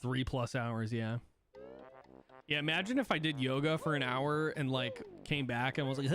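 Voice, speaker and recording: At normal speed and medium pitch, this young man chats casually during a game stream over background music. He wanders from point to point, swears freely, and often restarts what he's saying.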